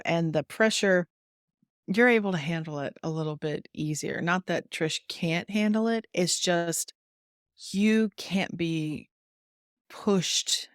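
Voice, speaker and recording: A woman guest on a wellness podcast, explaining warmly and chattily, laughing often and acting out little quotes. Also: low-pitched, no echo, studio quality. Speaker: human design guide, guest.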